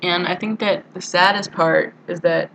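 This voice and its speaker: A woman's voice: on the low side, fairly even intonation, moderate pace, vocal fry, fairly bright tone, rough recording. Young woman, casual vlogger, crude rambling self-mockery, slight background hiss. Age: young adult. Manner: rambling, crude and self-mocking, full of "like" and "you know". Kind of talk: casual vlog monologue. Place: college dorm room.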